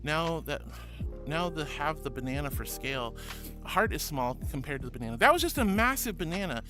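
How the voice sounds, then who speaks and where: A man with a high, light voice chats softly and affectionately with his livestream audience, greeting each viewer with pet names. Faint music plays beneath his talk. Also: very animated, a little fast. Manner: gentle and affectionate, calls viewers honey and sweetie. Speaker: VTuber streamer. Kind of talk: casual livestream chat, reading viewer messages.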